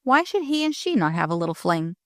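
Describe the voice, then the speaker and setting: Woman narrator, audiobook, lively expressive reading, dry close sound. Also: lowish voice, brisk, no room sound.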